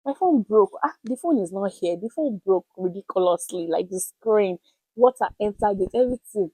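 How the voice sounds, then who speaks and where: A young woman tells a personal story straight to her viewers. She talks in an animated, expressive way, with dramatic pauses, and her voice sits at a middle pitch. The sound is close and dry, with no room echo. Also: breathy edge. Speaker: vlogger. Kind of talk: casual storytelling to camera.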